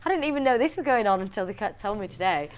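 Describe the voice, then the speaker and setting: A young woman with a Yorkshire accent, chatting in an interview as an actress, talking freely with restarts and quick laughs. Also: mid-range voice, expressive. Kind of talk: casual interview chat.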